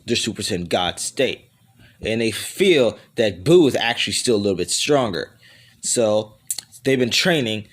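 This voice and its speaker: A man casually improvising a fan story aloud, rambling and self-correcting as he goes and laughing at his own voices. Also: medium pitch.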